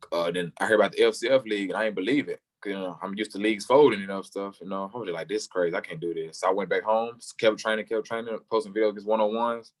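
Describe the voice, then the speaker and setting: Fast-talking young man telling a story. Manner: acts out quoted voices, jumping high for other people. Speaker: football player guest. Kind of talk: animated storytelling in an interview.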